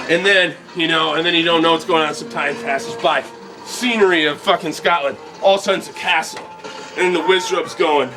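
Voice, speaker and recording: Fast-riffing comedian with a high voice pitching a silly movie over loud music. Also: male voice, lively intonation, poor audio. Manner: rambling, swearing, acts out characters. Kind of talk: improvised comic monologue.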